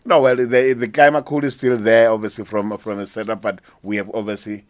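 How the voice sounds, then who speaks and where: A man with a low, even voice that holds level. He speaks as a sportswear brand representative, laying out design and technology points in practiced corporate phrasing. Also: fairly quick. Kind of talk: radio interview answer.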